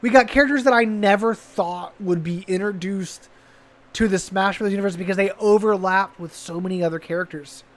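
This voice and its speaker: A high-pitched man co-hosting a gaming podcast chats casually and a little fast. He rambles enthusiastically, often breaking off and restarting sentences, keeping his tone loose and chatty.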